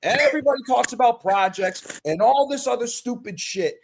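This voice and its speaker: A man's voice: very high voice, animated, moderate pace, gravelly, background noise. A man calling in to a football talk show, ranting angrily and swearing constantly. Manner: angry, swears constantly, blunt. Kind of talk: heated call-in football rant.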